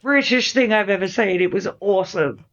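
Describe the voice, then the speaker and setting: A woman's voice: medium pitch, brisk. Australian woman chatting about a film. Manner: animated, acts out characters' lines. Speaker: podcast co-host. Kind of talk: casual film discussion. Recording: slightly dull lo-fi sound.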